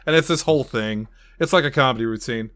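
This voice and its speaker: Playful man with a dry, bright voice. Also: medium pitch, fast talker, no room sound. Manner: playful, animated storytelling. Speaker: player. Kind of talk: tabletop game play.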